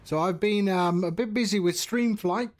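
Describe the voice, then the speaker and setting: A man giving casual live-stream commentary as he sets up a flight simulator, chatting to viewers in a relaxed, rambling way. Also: high voice, moderate pace, noisy background.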